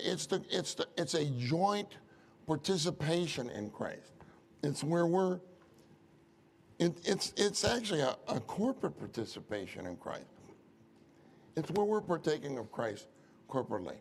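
Preacher, man, gravelly tone, chatty sermon style, asks the room questions. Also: on the high side, a little hiss or hum. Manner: conversational, asks the congregation questions. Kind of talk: church sermon.

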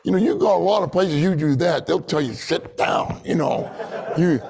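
A man's voice: a little high, fairly quick, gravelly, dark tone, low-quality recording. An older man giving a conversational sermon testimony, telling stories and acting out what people said, with a laugh now and then. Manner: storytelling with laughs, acting out dialogue. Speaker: church speaker sharing a testimony.

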